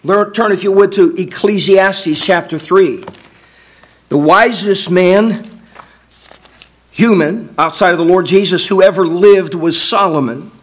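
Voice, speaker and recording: A man's voice: high voice, measured pace. A man pastor preaching a sermon, reading scripture and crying out quoted lines with rising fervor. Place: church sanctuary.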